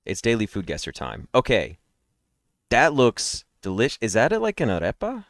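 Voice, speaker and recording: A man's voice: mid-range voice, huge pitch swings, normal speed, no room sound, clean studio sound. A man streaming daily guessing games, chatting and rambling nonstop to his viewers through a headset mic while yawning. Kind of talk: casual live-stream chat.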